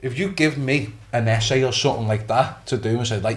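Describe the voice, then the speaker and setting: A man's voice: mid-range voice, fairly quick. A man with a Liverpool accent, a boxer chatting casually as a podcast guest, rambling and swearing often. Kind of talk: casual chat.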